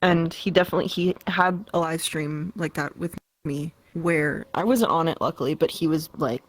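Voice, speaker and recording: A young woman, a guest in an interview, speaking in a matter-of-fact, halting way with fillers. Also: low-pitched, poor audio. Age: young adult. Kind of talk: casual interview chat.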